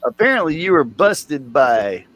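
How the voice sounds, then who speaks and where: A man chatting casually on a live stream, animated and swearing as he talks to his chat and a friend. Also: fairly high pitch, unhurried, muffled recording. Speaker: livestreamer.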